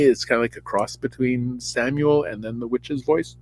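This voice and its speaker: A man's voice: mid-range voice, fairly even intonation, moderate pace, soft background music. A podcast host, a man, retelling a Bible story in a rambling, irreverent, campy way.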